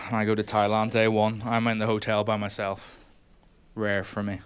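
A man's voice: lowish voice, completely flat delivery, moderate pace. A man from Ireland, telling a stand-up story on stage in a conversational way, building to punchlines. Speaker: stand-up comedian. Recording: live venue with crowd. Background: audience laughter.

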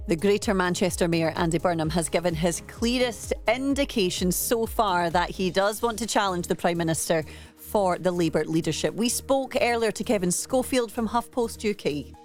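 A woman presenting a breakfast radio news programme, brisk and chatty. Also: fairly low pitch, faint music behind.

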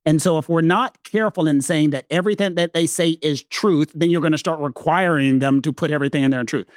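A man with a Southern US accent, co-hosting a casual talk show and explaining law points emphatically, slowing down to stress key words. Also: a little high, no echo, clean studio sound. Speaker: legal podcast co-host.

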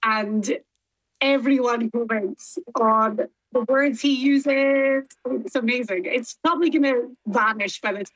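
A Scottish woman chats eagerly as a live radio guest, her talk animated and full of run-on asides. Her voice is a little higher than average for a woman, and the sound is dry. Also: unhurried, dry recording, low-quality recording. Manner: chatty and animated. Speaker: guest calling in live from abroad.

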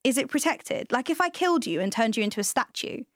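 A woman hosting a casual discussion, asking lively, curious questions. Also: high voice, quick pace, no room sound, studio quality. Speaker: podcast host.

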